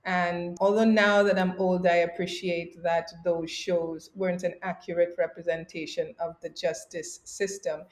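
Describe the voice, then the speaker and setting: Canadian-born woman telling lively stories. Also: on the low side. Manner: lively anecdotes with bursts of laughter. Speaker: guest arbitrator. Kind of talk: interview storytelling. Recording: roomy echo.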